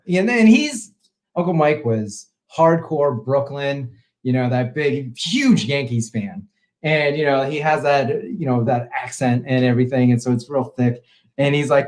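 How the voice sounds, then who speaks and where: A man guesting on a podcast, telling stories in an animated way, laughing mid-sentence and acting out quotes. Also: mid-range voice, moderate pace. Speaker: podcast guest, independent filmmaker. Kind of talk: casual podcast chat.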